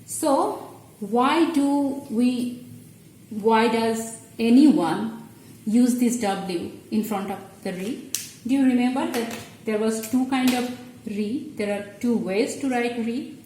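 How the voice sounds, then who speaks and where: Lady teaching letters, patient step by step, kinda high voice, far off the mic in a real echoey room. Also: warm tone, slight background noise. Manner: patient, explains step by step, halting restarts. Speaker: Bengali language teacher. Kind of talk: explaining at a board.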